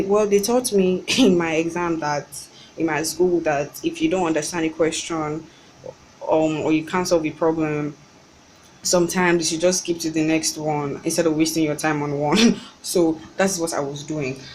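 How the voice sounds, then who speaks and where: Young woman, Nigerian accent, lowish voice, animated exasperated storytelling, ranting vlog. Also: moderate pace, slight background noise, rough recording. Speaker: vlogger.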